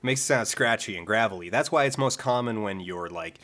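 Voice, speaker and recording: A man's voice: expressive, fairly quick, few pauses, fairly bright tone. A young man hosting a game stream, chatting casually about voices with frequent restarts. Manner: demonstrates vocal fry and pitch, many restarts. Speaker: host.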